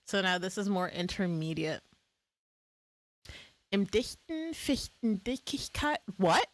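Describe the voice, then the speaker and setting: A woman's voice: medium pitch, sing-song, slow, no echo. A woman streaming live in casual chat, playful, laughing often and swearing freely.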